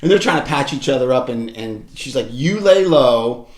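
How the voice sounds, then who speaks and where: Man, podcast co-host, casual recap, mid pitch, echoey room. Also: quick pace. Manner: retells scenes acting out lines with shifts in pitch.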